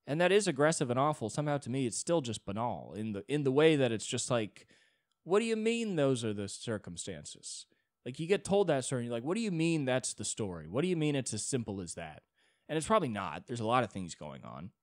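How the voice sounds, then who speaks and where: A man's voice: medium pitch, very animated, a little fast, no echo, clean studio sound. A young man hosting a solo podcast, rambling in a casual monologue with many restarts and frequent swearing. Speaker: podcast host.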